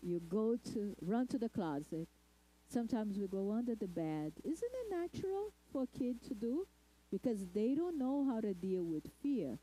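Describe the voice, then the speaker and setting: A woman giving a lecture talk at a spiritist center, speaking deliberately and checking in with the audience. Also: on the high side, very animated, mellow, a little hiss or hum, poor audio. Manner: deliberate, asks the audience "okay?" often.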